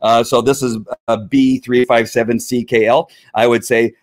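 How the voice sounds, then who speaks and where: A man's voice: mid-range voice, fairly even intonation, moderate pace. A middle-aged man, a former police officer, telling stories in a casual monologue, rambling with many fillers and frequent chuckles.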